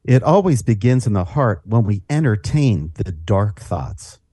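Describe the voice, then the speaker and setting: A man's voice: fairly low pitch, big pitch swings, a little slow, dark tone, husky, dry recording, studio quality. A man reading scripture aloud in a solemn, declaiming way and adding short commentary. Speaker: scripture reader.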